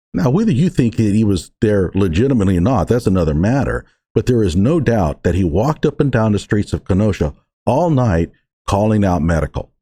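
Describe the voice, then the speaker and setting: A man's voice: lowish voice, mellow, slightly rough. A man giving emphatic, sarcastic reaction commentary on an article he is reading through.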